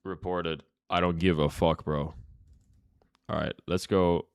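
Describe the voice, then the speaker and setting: A young man streaming chess who swears freely and trades jabs with his viewers, telling a rowdy story between moves. His voice sits somewhat low. It is recorded close and dry at a home desk mic with no room sound. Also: fairly even intonation, slow pace, creaky, smooth, no room sound. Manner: profane, ranting banter with chat. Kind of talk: live-stream commentary and storytelling.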